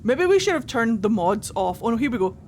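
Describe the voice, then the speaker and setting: A woman's voice: fairly high pitch, sing-song, brisk, darkish tone, slight background noise. A woman streaming a fantasy game live, chatting casually and laughing between scenes. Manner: chatty, laughing, gushing asides. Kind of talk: casual gameplay commentary.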